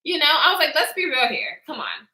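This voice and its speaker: Animated young woman telling a story time. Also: sits high, brisk, reverberant. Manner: animated, acts out quotes, reads live chat, laughs often. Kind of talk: casual storytelling to camera.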